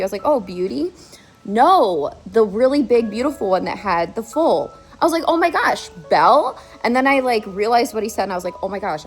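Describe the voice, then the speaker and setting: A woman hosting a horse vlog, telling a story in a chatty, emphatic way, full of "like" and "okay?", with quoted dialogue. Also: mid-range voice. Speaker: horse channel host.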